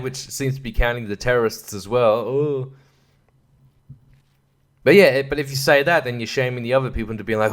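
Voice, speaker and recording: A man's voice: mid-range voice, a little fast, long pauses, fairly bright tone. An Australian man hosting a podcast, giving a sarcastic comedic monologue and chuckling between jokes. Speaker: podcast host.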